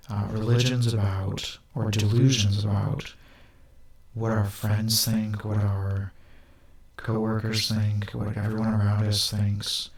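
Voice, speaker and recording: Gravelly low-voiced man rambling. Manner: loose, filler-heavy stream of thought. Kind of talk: casual rambling monologue. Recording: doubled audio with a flanger-like effect.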